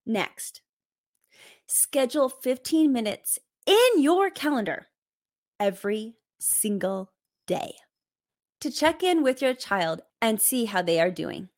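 A woman's voice: on the high side, big pitch swings, slow. A woman coaching parents with direct, emphatic advice, laughing lightly between points.

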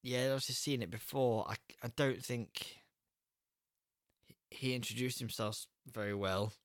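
A man's voice: mid-range voice, moderate pace, no room sound, studio quality. A man co-hosting a casual film review podcast, laid-back and often laughing. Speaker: podcast co-host.

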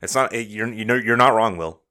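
A man's voice: on the low side, brisk, bright, forceful tone, clean tone. A young man co-hosting a wrestling podcast, chatting casually, joking and swearing freely. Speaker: podcast co-host.

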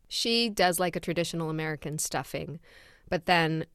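A woman co-hosting a podcast in casual chat, telling family stories in an animated way with frequent laughter. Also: deep voice, moderate pace, smooth, dry recording, clean studio sound. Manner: animated storyteller, laughs often. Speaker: podcast co-host.

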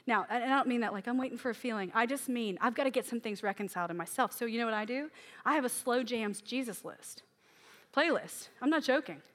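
A woman's voice: fairly high pitch, quick pace, fairly bright tone. A woman preaching a sermon in a candid, emotional way, acting out her own prayers aloud and sounding tired from crying.

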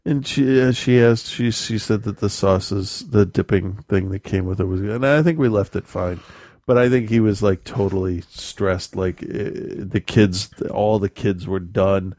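A man's voice: on the low side, measured pace, darkish tone, no room sound, studio quality. A man chatting casually as a podcast host, telling a meandering story full of restarts and laughs. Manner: rambling storyteller, self-correcting, laughs often. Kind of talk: casual chat.

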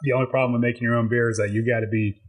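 A man's voice: medium pitch, little pitch movement, very fast, husky, poor audio. A man co-hosting a tabletop gaming podcast, chatting casually in a rambling way, swearing and laughing often. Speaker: podcast co-host and dungeon master. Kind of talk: casual chat.

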